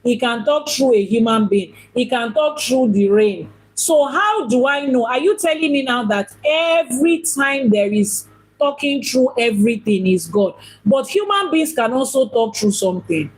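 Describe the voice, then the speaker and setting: A woman with a somewhat high, husky voice gives a teaching talk on faith. She works through rhetorical questions and repeats her points for emphasis. Her tone turns playful when she mimics how other people talk. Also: lively intonation, moderate pace, low-quality recording. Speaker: Ifá priestess and teacher.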